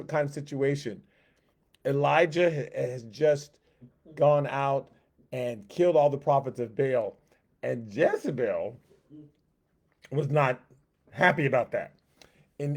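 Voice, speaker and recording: A man's voice: mid-range voice, a little mellow. Conversational male Sunday school teacher. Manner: conversational, acts out quotes, frequent restarts. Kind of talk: Bible lesson, reading and retelling scripture.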